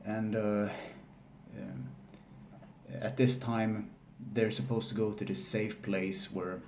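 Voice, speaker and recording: Man, casual recap, stop-start, faint room hum. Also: on the low side. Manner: halting, many fillers and restarts, flat delivery. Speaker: film recapper. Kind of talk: casual spoken film recap. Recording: echoey room with faint ambience.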